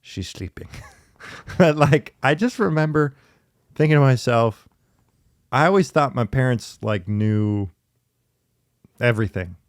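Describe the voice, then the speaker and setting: A man in casual conversation, telling stories in a chatty, lively way with laughing asides. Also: mid-range voice, measured pace, pauses often, dry recording, clean studio sound. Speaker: podcast guest in therapy talk. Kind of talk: casual storytelling.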